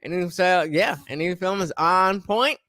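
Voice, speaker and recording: A man's voice: high voice, measured pace, pushed and bright, dry recording, studio quality. An American man hosting a casual commentary, rambling with many filler sounds and restarts. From United States. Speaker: host reacting to clips.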